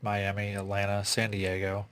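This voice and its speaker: A man voicing a bland, teasing young man of nineteen in a read-aloud suspense story, with a low, flat delivery. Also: moderate pace, smooth, close to an everyday voice.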